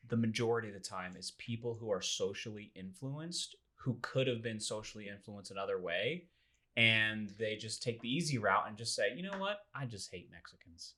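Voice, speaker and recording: A young man hosting a casual podcast, retelling a story in a loose, animated way with lots of fillers. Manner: animated, acts out quoted people with big pitch jumps. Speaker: podcast host.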